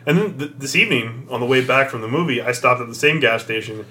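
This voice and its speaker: Man, podcast co-host, animated storyteller with a bright voice. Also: mid-range voice, quick pace.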